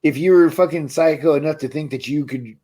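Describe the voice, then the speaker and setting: A man co-hosts a casual podcast chat in a slightly high voice. He is blunt and jokey and swears freely. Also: fairly quick, mellow, breathy edge. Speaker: podcast co-host.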